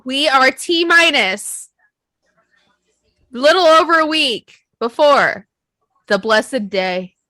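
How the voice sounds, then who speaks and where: A woman's voice: high-pitched, animated, slow, long pauses, sharp tone, no room sound. A young woman co-hosting a casual podcast chat, self-deprecating and swearing, laughing often and acting out her own quotes. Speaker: podcast co-host.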